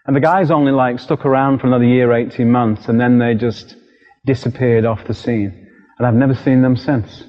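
A British man preaching a sermon as a story, lively and re-enacting scenes with sudden shouts. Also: medium pitch, moderate pace. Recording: dull recording with long hall reverb.

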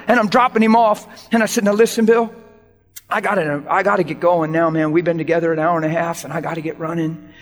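In a recording with a long reverb tail, a high-voiced man delivers a sermon built around a story. He plays out each character's lines with animation and breaks into laughter frequently.

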